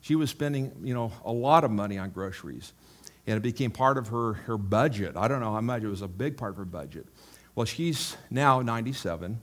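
A man's voice: lively intonation, fairly quick. Chatty storytelling male pastor. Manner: rambling anecdotal delivery, checks in with the audience; bursts louder on punchlines, drops low on asides. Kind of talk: conversational storytelling sermon.

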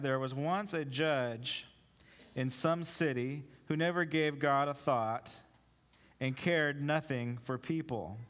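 A man preaching a sermon, easygoing in his asides and slow and deliberate when he reads scripture. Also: fairly high pitch, a bit bright. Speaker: pastor.

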